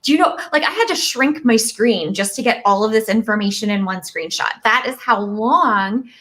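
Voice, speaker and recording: A woman's voice: fairly high pitch, expressive, moderate pace, fairly bright tone. A woman from Virginia giving a chatty, upbeat guest presentation and laughing often. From Virginia, United States. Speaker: guest speaker. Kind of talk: casual explanatory presentation.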